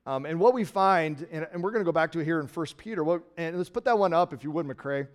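Conversational middle-aged pastor, slightly high voice. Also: male voice, fast talker, clear, resonant tone. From Nebraska, USA. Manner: conversational, swings from loud emphasis to quiet trailing. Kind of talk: sermon.

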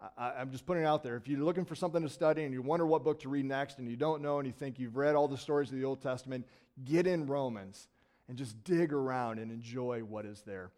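A man preaching a sermon as a pastor in a church, talking in a conversational and enthusiastic way, with asides and quick bursts of excitement. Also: medium pitch. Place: church sanctuary.

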